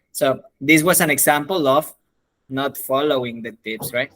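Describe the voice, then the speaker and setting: A man teaching an English speaking class over a video call, animated and encouraging, laughing often. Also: mid-range voice, moderate pace.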